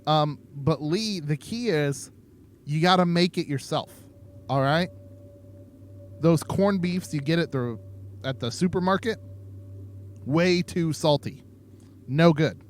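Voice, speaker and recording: A man's voice: a little high, slow pace, pauses often. A man in his thirties co-hosting a podcast, rambling boisterously in a casual chat and laughing often. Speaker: podcast co-host.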